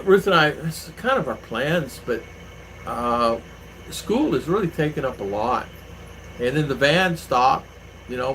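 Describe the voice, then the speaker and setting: A man's voice: mid-range voice, gravelly, fairly bright tone, poor audio. Guy chatting away on his vlog, lots of uh and you know, faint air con hum behind him. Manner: rambling, anecdotal, with many fillers. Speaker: vlogger, channel host. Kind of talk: casual chat to viewers. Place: home in the Philippines.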